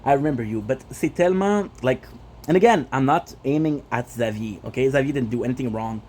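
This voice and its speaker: A man's voice: mid-range voice, brisk, a little mellow, slight background noise. A man whose first language is French, hosting a gaming stream and bluntly ranting with frustration, swearing and repeating himself. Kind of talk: casual ranting vlog.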